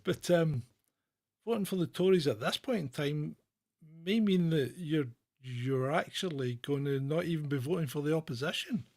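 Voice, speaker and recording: A man's voice: fairly high pitch, normal speed, a little mellow. A man hosting a live political show, chatting casually with many fillers and restarts.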